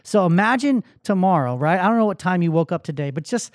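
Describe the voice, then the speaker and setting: A middle-aged man hosting a podcast, giving a motivational talk that swings from hyped shouts to quiet, emotional tones. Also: sits high, lively intonation, fast talker, no echo. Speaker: podcast host.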